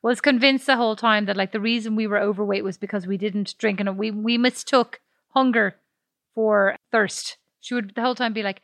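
A woman co-hosting a podcast in casual chat, reacting quickly and laughing. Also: mid-range voice, steady tone, a bit bright, dry recording, studio quality. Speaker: podcast co-host.

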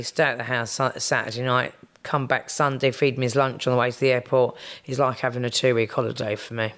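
A woman's voice: rumbling low, fairly bright tone. A woman, chatting as an interview guest and telling stories with frequent ums and restarts. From London, England. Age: 50s. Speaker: guest, business executive. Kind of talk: casual interview chat.

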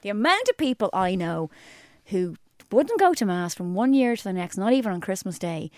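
A woman's voice: medium pitch, dry recording, clean studio sound. Chatty Dublin woman co-hosting. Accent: Dublin Irish. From Ireland. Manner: lively, chatty, quick to laugh. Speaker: podcast co-host. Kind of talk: casual chat.

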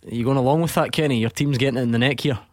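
A man hosting a football phone-in, jokey and quick to laugh. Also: medium pitch, fairly even intonation, a little mellow. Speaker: radio phone-in host. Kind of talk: casual sports radio chat.

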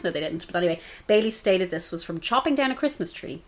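An Irish woman co-hosting a casual true-crime podcast, talking fast, swearing and laughing often. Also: deep voice, a bit bright, a little hiss or hum. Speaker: podcast co-host.

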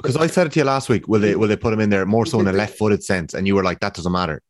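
Fast-talking podcast host. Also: male voice, lowish voice, lively intonation. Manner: brisk, leading the questions. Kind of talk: casual podcast chat.

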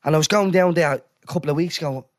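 A young Irish man hosting a podcast, telling stories in an animated casual way and swearing often. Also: on the high side, fast, no echo, studio quality. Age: young adult. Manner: animated, swearing, quotes people in lively voices. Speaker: podcast host. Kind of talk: casual storytelling.

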